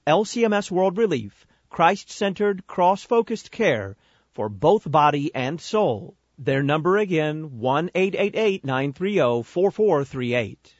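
A man hosting a radio talk show, reading ads and interviewing a guest in a clear, measured announcer manner. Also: fairly high pitch, very animated, no room sound. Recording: muffled lo-fi radio broadcast.

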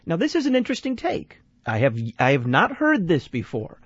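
A man's voice: on the high side, wildly swooping pitch, moderate pace, breathy edge, no echo. A man hosting a call-in radio show, questioning and commenting, repeating the phone number. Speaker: radio talk show host. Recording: dry, slightly dull studio sound.

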